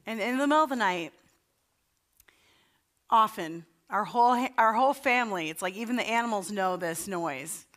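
A woman's voice: medium pitch, expressive, normal speed, a bit bright. A woman pastor giving a sermon in a chatty, story-telling way, with self-deprecating asides.

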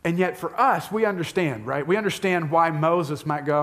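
A man's voice: on the high side, normal speed, fairly bright tone. A man preaching a sermon as pastor, speaking conversationally and putting questions to the congregation.

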